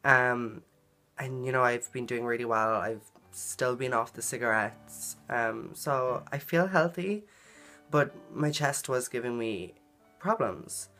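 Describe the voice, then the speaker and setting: A woman's voice: a bass voice, slow, fairly bright tone, faint music behind. A woman vlogging a personal story in a casual, earnest way, full of "like" and "um" fillers. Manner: chatty, filler-heavy, frequent "like" and "um"; earnest and emotional in retelling.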